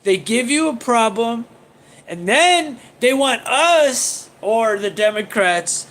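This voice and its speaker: A man's voice: extremely high pitch, expressive, slow, fairly bright tone. A man hosting a casual livestream, rambling and swearing as he reacts to viewer comments and laughs often. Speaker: livestream host.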